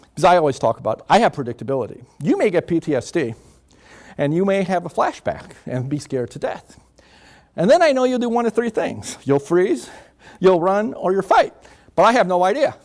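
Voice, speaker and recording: Animated older man lecturing. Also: high-pitched, brisk. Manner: animated, conversational, asks the audience questions. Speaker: guest speaker, psychologist. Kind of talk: lecture to an audience. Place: lecture room.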